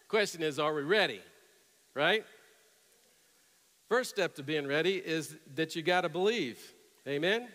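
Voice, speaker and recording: A middle-aged man preaching from the pulpit, his fairly high voice bright and forceful. He tells stories and then rises to loud, emphatic peaks. The sound rings through a large church hall with a long reverb. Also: lively intonation, normal speed. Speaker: pastor. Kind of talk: sermon.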